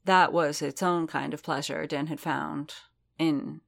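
A woman narrating fiction in a measured, steady reading. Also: low-pitched, vocal fry.

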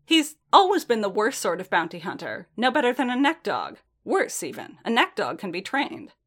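A woman reading aloud and voicing a brash young female warrior who talks a little higher and quicker than the narration. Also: huge pitch swings, a bit bright. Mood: mocking. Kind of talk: fan fiction audiobook reading.

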